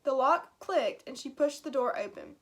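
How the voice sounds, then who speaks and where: A woman teacher reads a chapter book aloud to her class. Her voice is high, and she drops in chatty asides between passages. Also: animated, normal speed, a bit bright.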